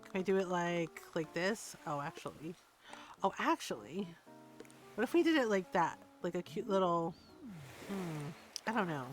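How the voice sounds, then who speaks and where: A woman's voice: lowish voice, expressive, moderate pace, pauses often, faint music behind. A woman streaming a cozy game, chatting casually and thinking aloud with plenty of fillers. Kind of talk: casual gameplay chat.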